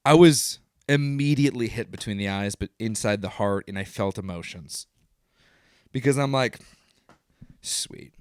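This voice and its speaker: A man in his thirties hosting a live stream, talking casually in a rambling, animated way that often interrupts itself. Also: lowish voice, moderate pace, smooth, no echo, studio quality. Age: 30s. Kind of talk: casual livestream monologue.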